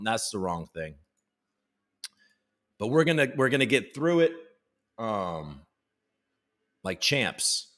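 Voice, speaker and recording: A man's voice: lowish voice, a bit bright. A man from the United States hosting a casual live stream from home, joking loosely and greeting chat viewers by name. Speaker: livestream host.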